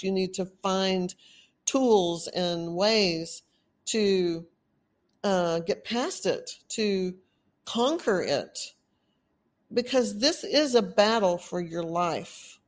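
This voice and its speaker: A woman's voice: lowish voice, takes it slowly. A woman with a Texan accent hosting a podcast, giving an urgent, earnest motivational monologue that rambles with fillers. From Texas. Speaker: podcast host.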